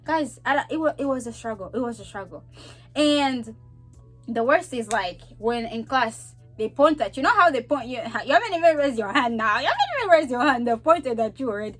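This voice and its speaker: A young woman with a noticeable Zambian accent talks straight to her camera in a loose, animated vlog style. Her voice sits high, and she circles back over her own phrases. A soft music bed plays quietly behind her. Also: a little fast. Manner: animated, repeats herself, laughs often. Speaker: vlogger. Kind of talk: casual chat to camera.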